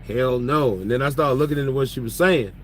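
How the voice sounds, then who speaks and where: A man talking casually from inside his truck cab, spinning loose, joking stories and laughing along the way. His voice sits at an ordinary middle pitch, with a faint hum of road noise underneath. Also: a little fast, a bit bright, rough recording. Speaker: truck driver vlogger. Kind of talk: casual chat.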